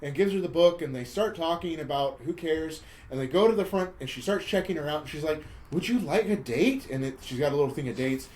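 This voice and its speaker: A male podcast co-host chats casually through a film recap, delivering the plot as a wry, mocking play-by-play with frequent stumbles and repetitions. He talks at a quick clip with few pauses, his voice a little high and somewhat mellow. The audio is poor.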